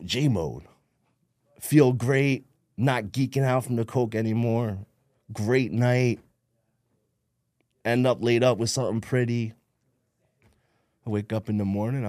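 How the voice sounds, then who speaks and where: A man's voice: mid-range voice, slow pace, pauses often, darkish tone, no room sound, studio quality. A man from New Jersey with a New Jersey accent, telling his story bluntly in a casual interview, swearing freely and acting out what people said. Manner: streetwise, blunt, swears a lot, acts out quotes. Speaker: podcast guest.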